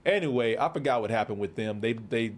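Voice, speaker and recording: Speaking a little fast in a medium pitch, the middle-aged man from Waco, Texas hosts the conversation. His storytelling is animated and laugh-filled, and he voices the people he describes.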